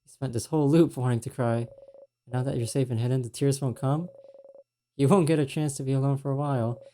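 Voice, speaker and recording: A man reads a game's narration aloud in steady second person, speaking to the listener as "you". His voice sits mid-range, soft and mellow. A faint hiss runs under the recording. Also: medium pitch, fairly quick. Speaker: streamer. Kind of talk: reading game narration aloud.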